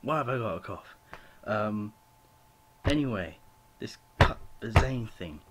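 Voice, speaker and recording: A man's voice: on the low side, lively intonation, measured pace, a little hiss or hum. A young man rambling through a home video rant, apologizing often and leaning on "you know" fillers. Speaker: vlogger. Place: home room with a cat.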